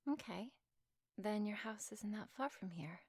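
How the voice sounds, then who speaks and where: A woman voicing a gentle, protective winged fey woman in a soft, husky whispered role-play. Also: mid-range voice, expressive, unhurried, no echo, studio quality. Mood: tender.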